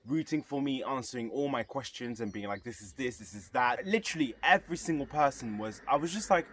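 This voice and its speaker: A man's voice: mid-range voice, brisk, hardly any pauses, a little hiss or hum. A young man, casually telling a story to camera and acting out the voices of the people in it. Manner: animated, acts out quoted voices. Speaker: vlogger.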